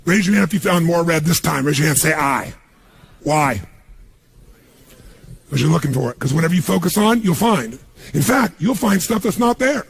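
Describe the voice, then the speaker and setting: A man giving a motivational seminar talk on stage, energetic and punchy, firing questions at a live audience. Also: fairly high pitch, fairly quick, gravelly, slightly rough. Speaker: motivational speaker.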